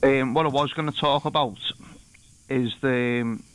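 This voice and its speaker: A man's voice: medium pitch, steady tone, moderate pace. A man calling a radio phone-in, speaking hesitantly with many fillers. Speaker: caller. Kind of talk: casual phone-in call.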